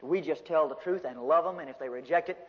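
High-voiced preacher in an echoing hall. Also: male voice, fast. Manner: animated, folksy storytelling with humor. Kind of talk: sermon. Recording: dull lo-fi recording in a reverberant hall.

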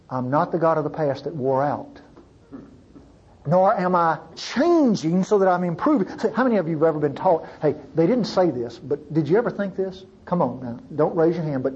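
Brief: male preacher, husky, animated sermon delivery, dull muffled recording. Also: a little high. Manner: animated, pleading, swings from loud to hushed.

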